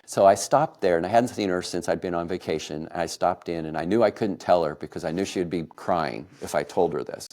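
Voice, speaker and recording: A middle-aged man from Kansas telling a personal family story, emotional and laughing softly now and then. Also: low-pitched, fairly quick, hardly any pauses. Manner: warm, emotional retelling with soft laughs. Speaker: podcast storyteller.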